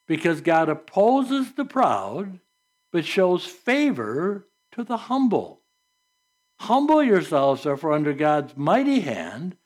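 A man preaching a sermon as pastor, reading scripture and adding earnest, conversational asides with soft laughs. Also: fairly high pitch.

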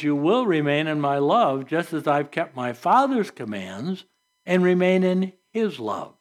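Lively-voiced man preaching a sermon. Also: on the high side. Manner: earnest, conversational preaching with asides and soft laughs. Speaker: pastor.

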